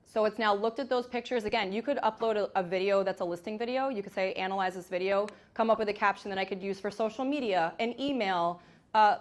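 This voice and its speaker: A woman giving a live presentation in a large room, energetic and chatty, demonstrating as she goes. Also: fairly high pitch. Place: large room with hundreds of agents.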